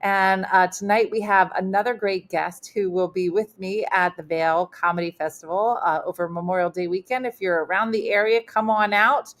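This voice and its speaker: A woman's voice: medium pitch, fairly even intonation, moderate pace, hardly any pauses, a bit bright. A middle-aged woman, a comedian hosting a casual online chat show, telling stories with lots of fillers. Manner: chatty storyteller with many fillers. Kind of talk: casual live-stream chat.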